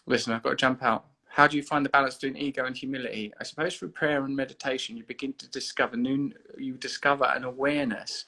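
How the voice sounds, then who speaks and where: A man's voice: mid-range voice, steady tone, fast talker, hardly any pauses, sharp tone. A man hosting a casual livestream from home, chatting in a rambling, playful way, speaking into a phone he holds himself. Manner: rambling, playful and earnest by turns. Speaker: livestream host. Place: indoors at home. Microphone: phone held at arm's length.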